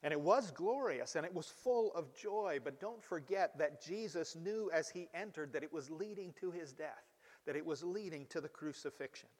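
A man's voice: on the high side, animated, a little mellow. Man preaching in a reverberant church. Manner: measured preaching with emphatic rises. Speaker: pastor. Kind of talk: sermon.

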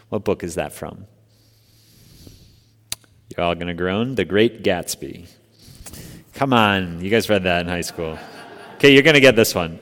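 An American man preaching a sermon in a relaxed, conversational way, quizzing his congregation. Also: low-pitched, normal speed, pauses often, in a large hall. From United States. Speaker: pastor.

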